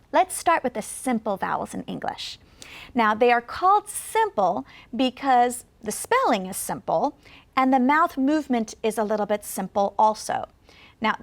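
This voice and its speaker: A woman teaching English pronunciation in a televised lesson, clear and patient as she coaches vowel drills. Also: a little high.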